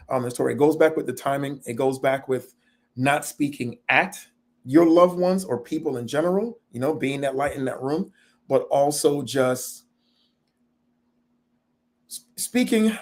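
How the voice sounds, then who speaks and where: A man's voice: medium pitch, measured pace, a little mellow. A middle-aged man speaking earnestly in a panel discussion, self-deprecating and laughing now and then as he tells his own stories. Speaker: panel guest.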